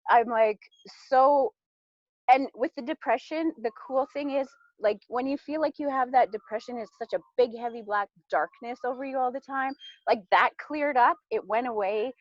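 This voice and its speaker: A woman in her thirties tells her own story in a chatty, rambling way, packed with "like" and acted-out lines of what she was thinking back then. Her voice sits a little high. The recording is dry and somewhat dull, as if the top end were cut off. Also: normal speed, no echo. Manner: chatty, many "like"s, acts out her own past thoughts. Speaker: mother sharing a personal testimony. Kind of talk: casual personal testimony.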